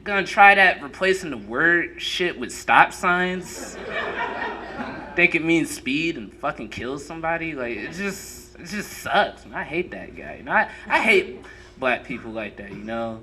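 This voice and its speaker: A man's voice: fairly high pitch, big pitch swings, measured pace, bright, forceful tone. A young man performing a profane, crowd-teasing stand-up comedy set on a club stage. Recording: noisy live room recording.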